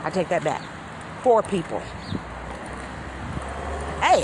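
A woman's voice: mid-range voice, very animated, a little slow, long pauses, heavy background noise. Woman, 40s, bitter furious rant outdoors by a busy street. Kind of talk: angry rant vlog.

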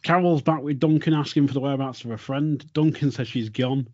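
A man chats through a TV episode scene by scene, laughing often and slipping into the characters' lines. His pitch sits in the middle of the range. The audio is dull and lo-fi. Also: a little fast, darkish tone. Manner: laughs often, narrates scenes and acts out quotes. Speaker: podcast co-host recapping a TV episode. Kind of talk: casual chat.

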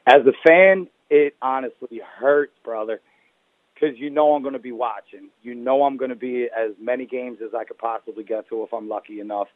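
A man's voice: medium pitch, moderate pace, no echo, narrow, tinny audio. A man who is a guest on a casual sports podcast gives blunt opinions and folksy sayings, often calling the host brother.

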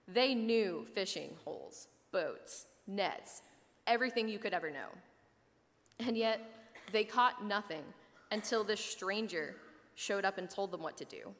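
A woman preaching a sermon, telling a story and voicing the fishermen with lively asides. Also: medium pitch, unhurried, big-room sound.

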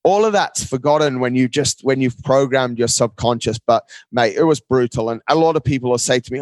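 A man's voice: medium pitch, fairly quick, few pauses, no echo. A man speaking as an interview guest, upbeat and emphatic, often calling his host mate. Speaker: guest, marathon runner. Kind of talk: casual interview talk.

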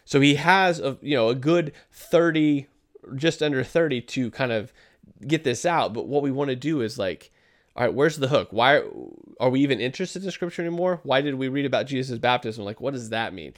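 A man with a medium-pitched voice talks a little fast as he reviews a sermon clip in a video commentary. His remarks are casual and critical, loose and conversational, with frequent fillers.

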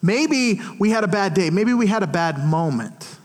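A middle-aged man preaching a sermon as pastor, telling stories in an animated way and acting out the quotes. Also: sits high, moderate pace, big-room sound. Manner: animated storytelling with acted-out quotes. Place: church.

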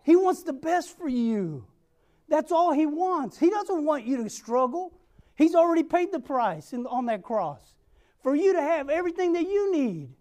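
Brief: male preacher, high voice, sermon that tells a story and presses a repeated question. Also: big pitch swings, moderate pace, a little mellow. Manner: repeats a rhetorical refrain and calls for amens; tells a Bible story with acted-out quotes.

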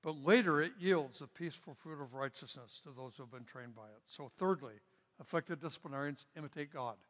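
A man's voice: fairly high pitch, fairly quick, a bit bright. A middle-aged male pastor leading a parenting seminar, teaching in an earnest, folksy way and telling stories with asides. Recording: long hall reverb.

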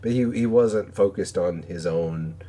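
A man in casual podcast chat, slangy and animated, who jumps into high squeaky voices when quoting film scenes. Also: unhurried, a little hiss or hum. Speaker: podcast guest.

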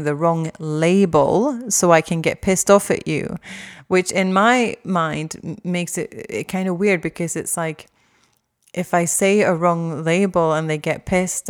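A woman's voice: fairly low pitch, smooth. A woman in her forties talking in a casual, rambling way, with many restarts and fillers and frank, mildly sweary speech. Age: 40s. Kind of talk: casual chat.

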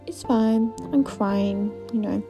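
Gravelly young woman rambling on a podcast. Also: mid-range voice, slow, mellow, soft background music. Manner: rambling, filler-heavy, drops to whispers. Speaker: podcast host. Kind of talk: casual storytelling monologue.

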